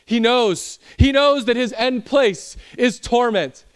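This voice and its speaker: A man's voice: very high-pitched, slow, smooth. A young male pastor preaching a sermon, telling a personal story and building into intense preaching.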